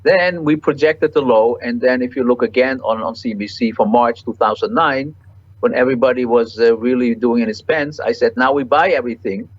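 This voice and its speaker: A man guest in an interview explains market forecasts in halting, repetitive phrases full of fillers. His voice sits at an average pitch. The recording sounds dull and lo-fi. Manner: halting, repeats words, many "uh" fillers. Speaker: market cycle analyst guest. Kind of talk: interview answers.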